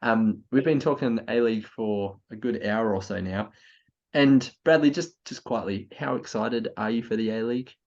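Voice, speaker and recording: A man's voice: fairly low pitch, normal speed, a little mellow. Tipsy, giggly Australian man. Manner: giggly, gushing enthusiasm. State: tipsy from beer. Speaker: podcast co-host. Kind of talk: casual football podcast chat. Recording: slightly muffled, lo-fi recording.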